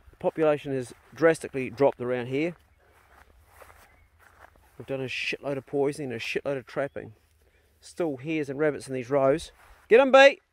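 A middle-aged man with a New Zealand accent talking in a casual family vlog on his rural land, blunt and easygoing, calling loudly to his dogs. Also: medium pitch. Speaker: vlogger. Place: outdoors on a rural property.

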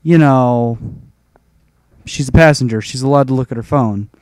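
A man's voice: medium pitch, normal speed, a little mellow, clean tone, no room sound. A young man telling a rambling, profane story in a casual rant over gameplay. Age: young adult. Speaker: gaming commentator.

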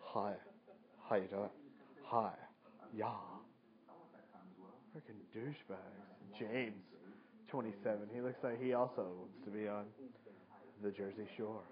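A man's voice: fairly low pitch, fairly even intonation, slow, pauses often, crowd noise. A man giving casual, joking live commentary on a stream, slangy and mocking, swearing freely. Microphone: phone mic. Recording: dull lo-fi phone stream audio.

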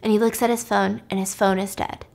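A woman hosting a podcast, casually retelling a thriller plot with animated delivery that sometimes drops to a whisper for suspense. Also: medium pitch, brisk, vocal fry. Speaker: podcast host. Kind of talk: casual story recap.

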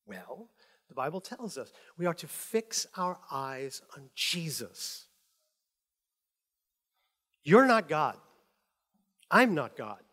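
A man preaching a sermon as pastor, telling stories in an animated way and acting out the people he quotes. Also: on the high side, slow, long pauses.

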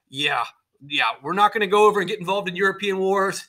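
Sarcastic, bright-voiced male history teacher. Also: on the high side. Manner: joking, sarcastic, acts out quick voices for historical groups. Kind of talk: classroom lecture.

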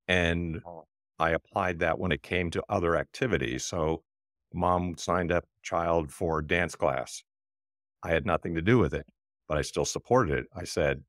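A man's voice: low-pitched, unhurried, no room sound, studio quality. A man co-hosting a podcast interview, plainspoken and firm as he reasons his view aloud. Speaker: podcast co-host.

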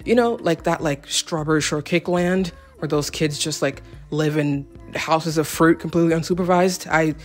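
A woman's voice: low voice, normal speed, few pauses, soft background music. A young woman talking casually through a fashion vlog, rambling and self-deprecating with jokey asides. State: out of breath. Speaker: fashion vlogger.

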